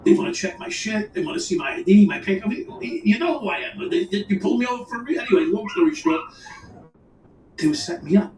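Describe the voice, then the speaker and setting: A man spins a rambling, profane crime story in casual conversation, his pitch leaping around as he acts out the dialogue. He sits a touch high for a man, in a room with a roomy echo and faint noise behind him. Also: expressive, quick pace, darkish tone, distant mic. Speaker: storyteller guest.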